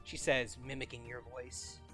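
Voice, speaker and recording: A man's voice: mid-range voice, level tone, measured pace, fairly bright tone, soft background music. A man narrating a tabletop game as game master in a rambling, casual way.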